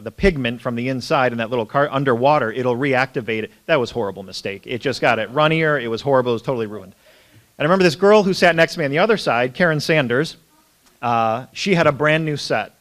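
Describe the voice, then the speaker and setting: A man's voice: medium pitch, fairly bright tone. Man telling funny childhood stories. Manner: humorous, self-deprecating anecdotes with frequent fillers. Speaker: priest. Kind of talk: storytelling talk.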